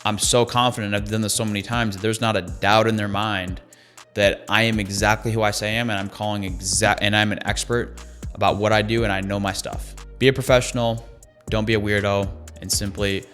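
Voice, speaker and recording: A man's voice: lowish voice, level tone, brisk, a bit bright, faint music behind. A man giving sales training in an emphatic, conversational way, repeating his key phrases. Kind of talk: coaching talk on sales calls.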